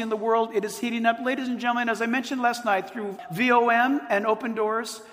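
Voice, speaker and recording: A middle-aged male pastor with a high voice delivers a sermon in a large hall, and long reverb trails his words. He tells stories with animation and hammers points home by repeating them. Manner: animated storytelling, emphatic repetition. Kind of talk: sermon to a live audience.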